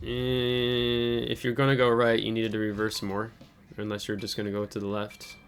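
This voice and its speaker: A man's voice: mid-range voice, completely flat delivery, normal speed, a little hiss or hum. A man hosting a channel, giving casual coaching commentary on a viewer's game match, analytical and hesitant with frequent ums, and coughing now and then. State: keeps coughing.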